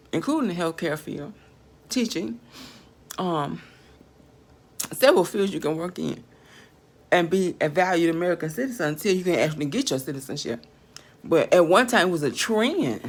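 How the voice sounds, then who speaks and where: Gravelly woman ranting profanely. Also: fairly low pitch. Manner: profane, swings from quiet muttering to shouting. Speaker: vlogger. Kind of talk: rambling online monologue.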